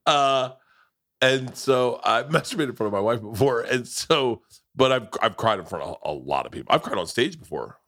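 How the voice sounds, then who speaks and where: A man's voice: mid-range voice, lively intonation, normal speed, a bit bright. A middle-aged man hosting a podcast, telling stories in a boisterous, profane, casual way. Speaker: podcast host.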